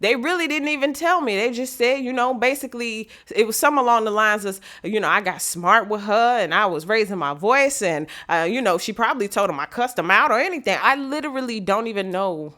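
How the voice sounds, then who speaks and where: Woman w/ storytelling, animated, does all the voices. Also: fairly high pitch, brisk, few pauses. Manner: animated, acts out quotes. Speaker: vlogger.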